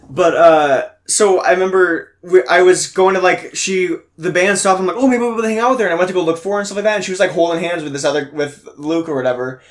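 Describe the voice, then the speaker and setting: A man's voice: fairly high pitch, fairly even intonation, brisk. A young man hosting a casual podcast, rambling through a story with lots of likes and ums. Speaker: podcast host. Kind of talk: casual chat. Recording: echoey room.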